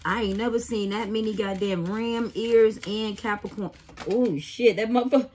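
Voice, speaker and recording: A woman's voice: medium pitch, normal speed, dark tone, slight background noise. A woman doing a casual tarot reading, profane and exclaiming, with frequent laughter. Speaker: tarot reader.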